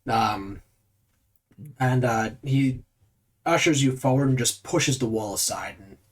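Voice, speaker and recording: Guy gm describing scenes, lots of ums, relaxed. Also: mid-range voice, takes it slowly. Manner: loose, descriptive, many fillers. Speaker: game master. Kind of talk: narrating a tabletop game.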